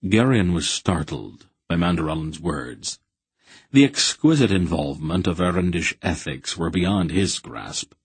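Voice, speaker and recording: A man reading a fantasy audiobook with steady, measured storytelling. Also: low-pitched, husky, no echo. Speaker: audiobook narrator. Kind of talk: scripted fantasy narration.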